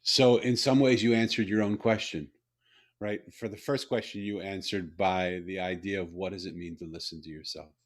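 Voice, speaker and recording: A middle-aged man, an author and company head, telling a personal story in an unhurried, reflective way during a conversation. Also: low voice, fairly even intonation. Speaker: author and CEO, interview guest.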